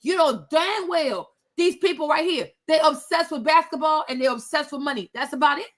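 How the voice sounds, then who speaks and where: A high-pitched woman, ranting in a casual, sassy way. She talks bluntly and profanely and mocks the people she talks about. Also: expressive, normal speed. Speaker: commentator reacting to celebrity gossip. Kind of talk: casual rant.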